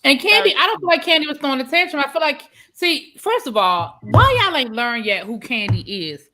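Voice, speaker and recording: A woman on a reality TV panel show, chatting in an animated, emphatic, gossipy way. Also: high voice, a little fast. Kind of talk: casual chat.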